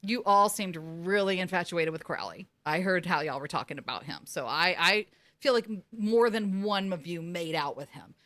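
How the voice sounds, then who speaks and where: A woman co-hosting a casual recap podcast, retelling scenes and acting out the characters in quick voices. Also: fairly low pitch. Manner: animated, acts out characters in quotes. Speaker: podcast co-host.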